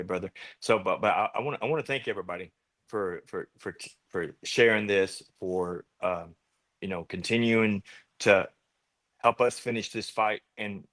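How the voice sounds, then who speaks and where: A man speaking as a guest over a video call, earnest and halting, repeating words as he searches for what to say. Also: on the low side, fairly bright tone, dry recording. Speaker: guest, veteran. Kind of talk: casual conversation.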